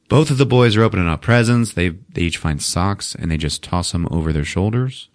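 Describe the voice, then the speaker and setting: A man's voice: low voice, expressive, normal speed. A man hosting a podcast, recapping a movie in a casual, profane way, laughing often and acting out characters.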